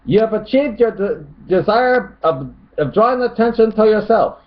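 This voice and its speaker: A man's voice: sits high, animated, normal speed, dull audio, voice pushed up. A man reading out a scornful, condescending male online commenter in a lifted, mocking voice.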